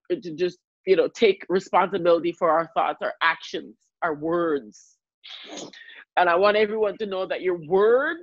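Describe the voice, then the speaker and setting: Heartfelt, expressive middle-aged woman. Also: lowish voice, breathy edge, no echo, muffled recording. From Canada. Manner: heartfelt, expressive, swings between soft and loud. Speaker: podcast guest, singer. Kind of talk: emotional podcast conversation.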